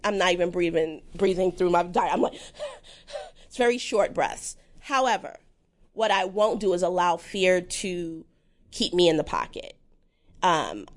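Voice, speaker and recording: A woman talking casually as an interview guest, animated and self-deprecating, often jumping into high mimicking voices.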